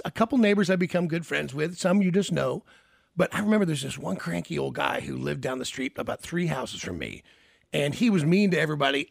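Gravelly blunt male radio host. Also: on the high side, dry recording, clean studio sound. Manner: blunt, animated storyteller. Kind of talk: casual storytelling chat.

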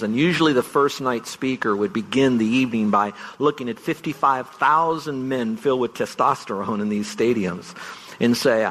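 A man's voice: medium pitch, a bit bright. A middle-aged man preaching a farewell sermon as pastor, earnest and storytelling, leaning on single words to stress them. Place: large church sanctuary. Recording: long hall reverb.

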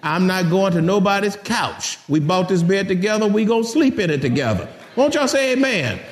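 This middle-aged pastor's voice sits high as he preaches. He chats straight to the congregation, animated and conversational, mixing in jokes throughout the sermon.

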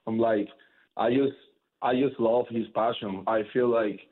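A man, a professional baseball pitcher, answering interview questions casually, rambling with lots of fillers and restarts. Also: fairly even intonation, a little slow. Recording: tinny phone-like sound.

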